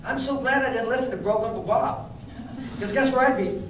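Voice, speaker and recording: A young man with a strikingly high voice gives an energetic motivational training talk, quizzing his audience as he goes. The sound is heavily echoey, captured from some distance away in a room with a faint background hiss. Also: a little fast. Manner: energetic, storytelling, asks the audience questions. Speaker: network marketing trainer.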